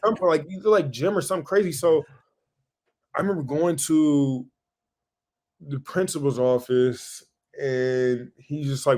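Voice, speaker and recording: A young man co-hosting a podcast, telling a story in casual chat, animated and swearing freely as he acts out what he said back then. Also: a little high, unhurried, long pauses. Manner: animated, swears a lot, acts out his own past lines. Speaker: podcast co-host.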